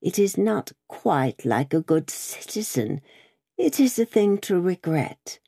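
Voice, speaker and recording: A woman reading aloud, voicing a cruel male revolutionary juror with a croaking voice and slow, relishing delivery. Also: fairly low pitch, big pitch swings, dark tone, no room sound, clean studio sound, pitched above the performer's own voice, heavily acted. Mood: gloating.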